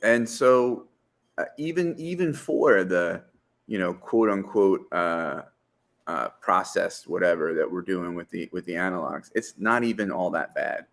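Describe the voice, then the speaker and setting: A man's voice: low voice, lively intonation, a little slow, creaky, fairly bright tone. A man in casual podcast chat who rambles, with many fillers and "right?" tags. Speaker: podcast co-host.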